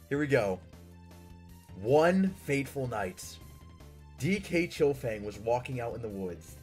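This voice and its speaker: A man reads viewer-submitted stories on a live stream, his voice pitched high and swinging widely from phrase to phrase. He keeps dissolving into laughter and firing off mock-indignant protests. Soft music plays faintly underneath. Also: husky. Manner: breaks into laughter and mock-indignant outbursts while reading.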